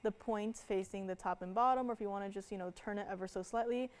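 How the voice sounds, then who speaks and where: A woman hosts a live jewelry home-shopping show, describing pieces and answering viewers in a chatty way with lots of laughs and fillers. Her medium-pitched voice is fast with fairly even intonation.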